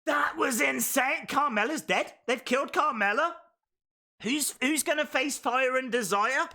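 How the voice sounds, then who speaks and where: Excitable man streaming reactions. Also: very high-pitched, a little slow. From England. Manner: excitable, bursts into shouting. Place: outdoors in a field.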